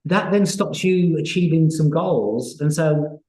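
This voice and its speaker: Mellow-voiced male host in a roomy space. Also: a little high. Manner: halting, many restarts and fillers. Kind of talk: live online interview. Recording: roomy echo.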